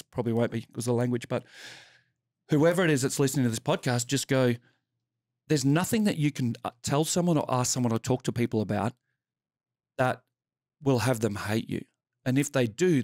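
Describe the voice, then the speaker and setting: A man's voice: medium pitch, no echo. Australian man, middle-aged, open and sweary interview guest, dry close sound. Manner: candid, sweary, animated storytelling. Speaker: podcast guest. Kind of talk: casual interview storytelling.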